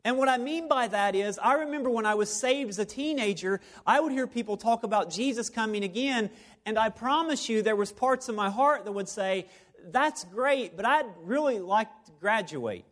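High-voiced man preaching playfully. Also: a little fast, a bit bright. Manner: playful, repetitive, conversational preaching. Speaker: pastor. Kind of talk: sermon. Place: church service before a live congregation.

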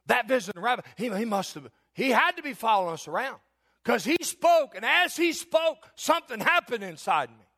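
A preacher doing an awed churchgoer. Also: male voice, very high voice, big pitch swings, normal speed, bright, forceful tone, no room sound, clean studio sound, voice pushed up, exaggerated voice. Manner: awed, breathless retelling. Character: amazed churchgoer telling his spouse about a sermon.

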